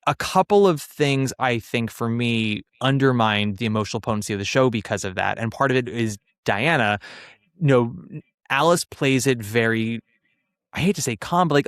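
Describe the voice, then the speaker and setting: A man's voice: medium pitch, no room sound, clean studio sound. A man hosting a podcast, chatting casually and with strong opinions about theater. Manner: opinionated, animated, trails off and restarts. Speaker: podcast host.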